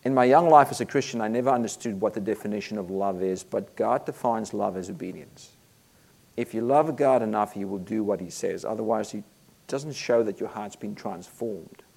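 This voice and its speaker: Man, lowish voice, preacher, earnest, emphatic, sermon. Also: normal speed, gravelly, a little mellow. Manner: earnest, emphatic, reads scripture aloud.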